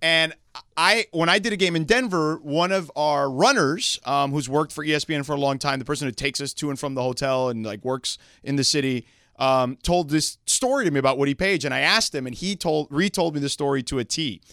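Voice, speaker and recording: A man's voice: on the high side, a little fast, bright, forceful tone, no echo, studio quality. Chatty man telling a sports anecdote. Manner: conversational, checks in with listeners. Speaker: sports talk show co-host.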